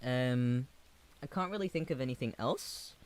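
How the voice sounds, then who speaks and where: A man in his twenties, a livestreamer reading chat aloud in a gentle, affectionate way with hesitant pauses. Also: medium pitch, expressive. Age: 20s.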